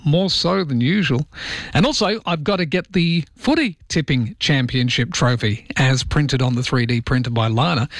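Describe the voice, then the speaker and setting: A man's voice: medium pitch, dry recording, studio quality. Wry Australian man hosting late-night radio. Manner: wry, jokey, reads listener texts aloud. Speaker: radio host. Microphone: studio microphone.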